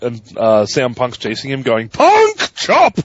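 A man co-hosting a podcast, telling stories in an animated, profane way. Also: mid-range voice, moderate pace, no room sound. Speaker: podcast co-host. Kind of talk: casual podcast chat. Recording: dry, dull lo-fi mic.

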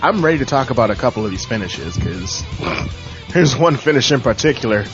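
A man's voice: mid-range voice, expressive, moderate pace. Hesitant male guest, lo-fi with music. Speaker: guest panelist. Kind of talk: casual wrestling chat. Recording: dull lo-fi audio with music.

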